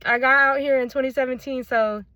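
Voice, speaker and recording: Woman talkin into her phone about her faith, real fervent, says y'all a lot, bright sharp voice, no room echo. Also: high voice, steady tone, fairly quick, clean tone. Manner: fervent, repeats phrases, addresses viewers as y'all. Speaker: faith content creator. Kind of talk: personal faith testimony to camera. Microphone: phone held in hand.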